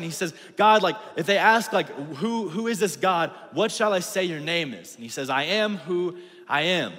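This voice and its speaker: A man's voice: a little high, fairly bright tone. Slangy young male youth pastor. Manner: casual slangy, call-and-response with audience. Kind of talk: youth ministry sermon. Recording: reverberant hall.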